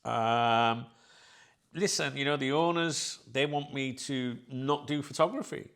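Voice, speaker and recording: Gravelly man in casual chat. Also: medium pitch, a little slow, a bit bright. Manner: rambling, many fillers and restarts. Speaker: channel host.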